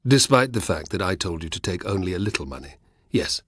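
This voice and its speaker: A man doing an awkward young companion who answers unhappily and stumbles over words, voice low and husky. The reading sounds dry and close, audiobook-style. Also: lively intonation, a little fast, fairly bright tone, dry recording, heavily acted. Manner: hesitant, awkward.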